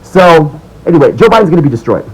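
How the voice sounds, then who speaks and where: Animated ranting American man. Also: fast talker, breathy edge, poor audio. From United States. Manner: angry, sarcastic, profane, swings between low mutters and loud outbursts. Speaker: political commentator. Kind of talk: ranting video monologue.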